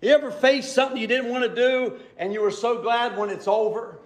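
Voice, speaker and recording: Man, pastor, sermon, very high voice, echoey church room, loud-to-hushed swings, calls for amens. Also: fairly even intonation, brisk. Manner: preaching with sudden swings between loud and hushed; calls out for "Amen?" from the congregation.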